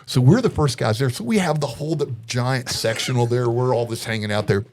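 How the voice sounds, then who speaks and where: A man telling a story in casual podcast chat, lively and animated, slipping into the voices of the people he quotes. His pitch sits in an ordinary middle range, and he laughs often as he talks. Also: a little fast. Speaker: podcast guest.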